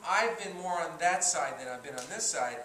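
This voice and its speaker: Bright high-voiced man teaching acting. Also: normal speed. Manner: animated, acts out lines as examples. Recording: echoey room from far off, faint noise.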